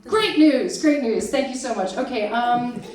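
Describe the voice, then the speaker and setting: A woman's voice: a little high, measured pace, crowd noise. A young woman performing a self-deprecating stand-up set at a small arts venue, laughing at her own jokes. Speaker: stand-up comic. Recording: echoey room, distant mic, audience laughter.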